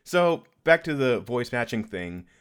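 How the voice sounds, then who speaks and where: A man's voice: mid-range voice, very animated, a little slow, clean tone. A man hosting a podcast, interviewing in a playful, joking way. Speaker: podcast host.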